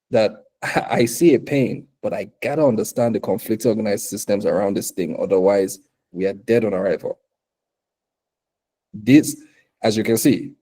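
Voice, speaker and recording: A man from Africa giving a motivational talk to aspiring entrepreneurs at a bootcamp, animated, laughing often and acting out quotes in other voices. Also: fairly low pitch. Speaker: bootcamp speaker.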